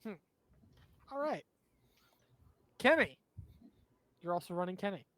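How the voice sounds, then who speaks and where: A man with a notably high-pitched voice narrates a tabletop game as game master. He describes the scene vividly and pauses to explain rules and checks to his players, laughing along with them. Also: animated, fairly bright tone, no echo.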